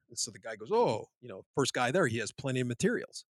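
A man on a podcast telling a long anecdote in casual chat, rambling and animated, full of restarts and "you know". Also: medium pitch, fast talker, hardly any pauses, dry recording. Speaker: podcast host.

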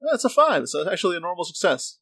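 A man playing a tabletop role-playing game, talking in a relaxed, amused, joking way. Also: high voice, very fast, gravelly, breathy edge. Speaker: player. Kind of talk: casual tabletop game talk.

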